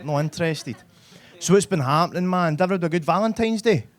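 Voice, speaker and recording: A man's voice: sits high, animated, quick pace. Brash sweary Glaswegian stand-up man. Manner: brash, sweary, chatty, keeps asking "right?". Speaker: stand-up comedian. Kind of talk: live stand-up set. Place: comedy club stage.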